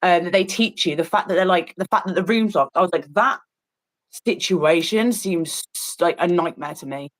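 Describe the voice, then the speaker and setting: On an art stream, a woman chats casually while painting, telling a long story full of fillers and restarts. Her voice is on the low side at normal speed, and she sounds incredulous and disgusted; the recording is low quality.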